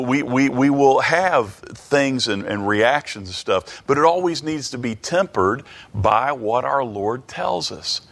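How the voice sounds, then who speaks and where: A man preaching a Bible study sermon, halting and restarting, reading scripture aloud and asking the listeners many rhetorical questions. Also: mid-range voice, gravelly, fairly bright tone. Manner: reads King James scripture aloud.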